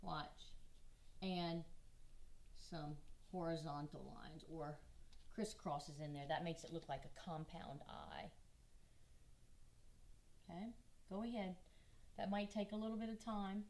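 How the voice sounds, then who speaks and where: A woman's voice: lowish voice, darkish tone, a little hiss or hum. Patient Southern woman teaching kindergartners. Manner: patient, encouraging, speaks slowly to small children. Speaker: art teacher. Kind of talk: kindergarten drawing lesson.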